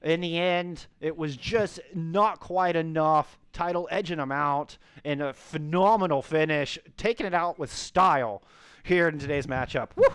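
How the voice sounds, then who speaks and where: A man casting live esports play-by-play, rapid and rising to shouts at big plays. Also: fairly high pitch, clear, resonant tone, dry recording.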